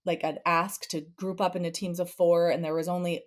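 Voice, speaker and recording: A woman's voice: fairly low pitch, flat delivery, fairly quick. A woman therapist and podcast guest giving conversational parenting advice, acting out family scenes with playful voice shifts.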